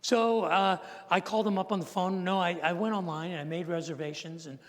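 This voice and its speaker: Older male pastor, high voice, animated storyteller who acts out each character, in a long-echoing church hall. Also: fairly quick. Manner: animated storyteller acting out the people in his story. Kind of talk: storytelling sermon. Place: church sanctuary.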